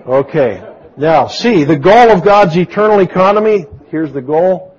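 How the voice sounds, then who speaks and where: A man preaching a sermon, swinging from booming exclamations to soft storytelling. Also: animated, measured pace. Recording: dull lo-fi sound.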